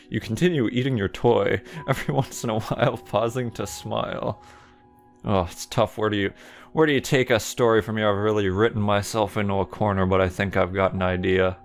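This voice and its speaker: A man reading aloud and commenting sardonically on a text adventure game as he plays it. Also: lowish voice. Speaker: gaming streamer.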